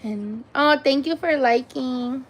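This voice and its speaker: Her voice sits high and she takes her time as she runs a casual home live stream from her phone camera. Between chatting with viewers, the woman coos baby talk to her dog. Background noise is present.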